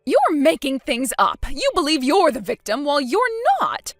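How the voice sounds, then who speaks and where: A woman's voice: high-pitched, big pitch swings, normal speed, no room sound, faint music behind, voice pushed up. A woman voicing a scheming, spiteful elderly grandmother in a texting story, talking defensively and full of self-pity. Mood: indignant. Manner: defensive, indignant, self-pitying.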